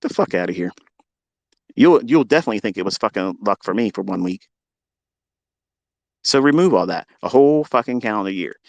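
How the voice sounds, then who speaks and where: A man's voice: lowish voice, animated, brisk, creaky, pauses often, dry recording, muffled recording. Combative swearing man in a dry room. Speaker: trading educator. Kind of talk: profane monologue rant.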